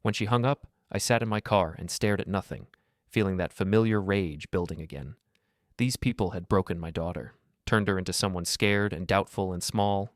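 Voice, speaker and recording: A man narrating a first-person story in a measured, earnest way. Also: low-pitched, dry recording, studio quality.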